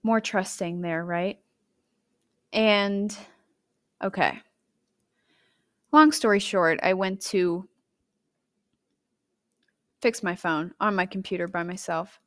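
A young adult woman hosting a podcast, chatty and candid, telling a personal story with emotive jumps in pitch and loudness. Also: fairly even intonation, slow pace, pauses often. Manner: chatty and candid, addressing listeners directly. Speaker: podcast host.

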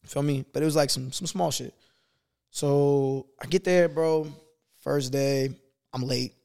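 A man's voice: mid-range voice, steady tone, unhurried, vocal fry, a little mellow, clean tone. A young man from Boston, a singer and rapper, telling a story in casual slangy talk as a guest. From Boston, USA.

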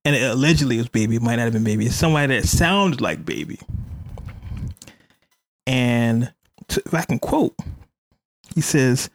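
A man's voice: medium pitch, sing-song, normal speed, long pauses, no echo. A man hosting a casual podcast, chatty and hedging, stopping often to say allegedly. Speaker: podcast host. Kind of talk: casual hip hop news chat.

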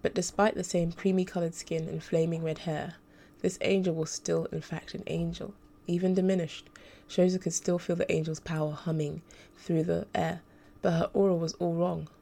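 Gravelly low-voiced woman narrating. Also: level tone, normal speed, warm tone. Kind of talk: audiobook narration.

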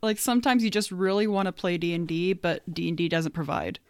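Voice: mid-range voice, brisk, slight background noise. A podcast co-host chatting casually about tabletop games, laughing often and making playful asides.

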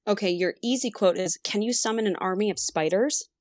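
A woman's voice: mid-range voice, a little fast, darkish tone, dry recording. A woman chats on a podcast in a bubbly, teasing way and laughs a lot. Her voice sits in a middle register. The sound is dry and close-miked. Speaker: podcast co-host. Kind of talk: casual podcast chat.

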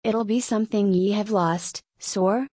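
A woman's voice: mid-range voice, measured pace, warm tone, slightly rough, no echo, clean studio sound. A woman voicing a shy, eager young Irish serving boy who keeps calling his master "sor". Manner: humble, says "sor" often.

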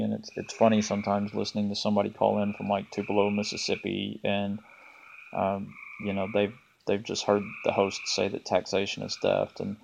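A man with a Southern US accent hosting a podcast, speaking in a relaxed, laid-back way with many ums and restarts. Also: lowish voice, creaky, a little hiss or hum, low-quality recording. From American South. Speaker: podcast host. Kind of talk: casual solo podcast monologue. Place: front porch of an off-grid cabin.

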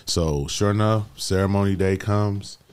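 A man telling his life story as a guest, casual and animated, often saying "bro" as he talks. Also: on the low side, unhurried, smooth. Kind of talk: emotional personal storytelling.

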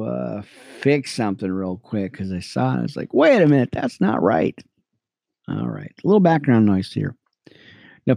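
A man teaching the Bible on radio, reading verses aloud between excited, chatty asides to his listeners. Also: on the low side, vocal fry, no echo. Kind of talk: reading scripture with commentary.

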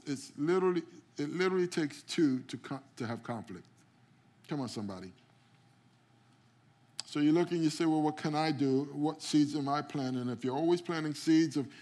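In a church sanctuary, a man preaches a sermon as pastor, calling out to the congregation and often repeating words as he begins a phrase. His voice is a little high with a darkish tone.

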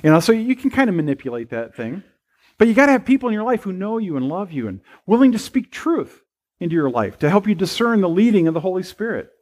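Casting: male pastor, high-pitched voice, chatty sermon with humorous asides. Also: very animated, fast, darkish tone. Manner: conversational preaching with anecdotes and humor. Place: church sanctuary.

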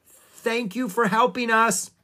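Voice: mid-range voice, steady tone, slow pace, pushed and bright, pitched above the performer's own voice. The narrator of a storybook reading, voicing an earnest, slightly flustered young boy in a raised voice.

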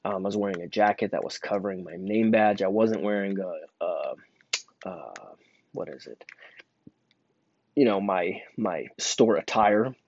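With a low, darkish voice and a slightly slow pace, a young man relates a rambling personal story about his store job, peppered with fillers and restarts. The dull, dry, lo-fi recording carries slight background noise.

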